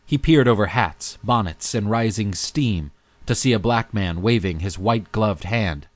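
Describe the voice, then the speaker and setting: A man reading an audiobook in measured, even scripted narration. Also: fairly low pitch, dry recording.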